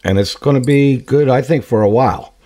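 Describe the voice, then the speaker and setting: A man's voice: mid-range voice, fairly quick. A man co-hosting a radio talk show, chatting casually and telling jokes. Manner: lively, chatty, laughs at his own jokes.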